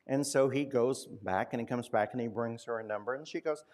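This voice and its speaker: A male pastor telling a story in a sermon, conversational, slowing down and dropping to a hush at key points. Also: medium pitch.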